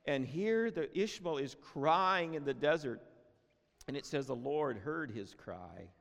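Slow, emotional preacher in a reverberant hall. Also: male voice, fairly high pitch, lively intonation, gravelly. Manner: emotional, halting with repetitions, swings between loud and hushed. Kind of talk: sermon.

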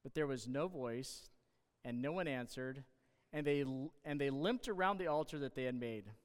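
A man preaching a sermon, reading scripture aloud and breaking off into sarcastic, animated asides that rise to loud emphasis. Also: mid-range voice, moderate pace. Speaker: pastor. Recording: reverberant hall.

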